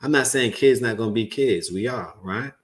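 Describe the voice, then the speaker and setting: A man hosting a commentary show, reacting to a clip and lecturing viewers in an animated, preachy way; English is his second language. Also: medium pitch, moderate pace. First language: not English.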